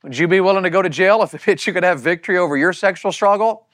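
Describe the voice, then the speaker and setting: A man preaches a sermon in a fairly high voice, recorded close and dry. He is emphatic, fires rhetorical questions at the room, and swings from loud punches to quiet asides. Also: fast, no echo. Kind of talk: sermon to a men's session.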